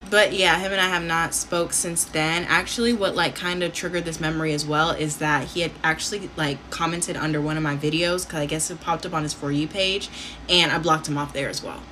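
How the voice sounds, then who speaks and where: Woman, casual storyteller, somewhat low voice, faint noise behind. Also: steady tone, brisk, bright, forceful tone. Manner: chatty, exasperated, filler-heavy.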